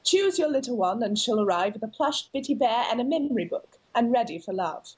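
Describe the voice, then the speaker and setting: A woman's voice: fairly high pitch, animated, fairly quick, a little mellow, slightly rough, poor audio. A woman putting on a prim upper-class English lady. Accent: received pronunciation British.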